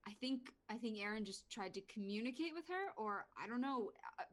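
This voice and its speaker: A woman's voice: a little high, lively intonation, a little fast. A woman playing a tabletop game, chatting in an unsure, casual way. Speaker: player. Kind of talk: casual tabletop role-play.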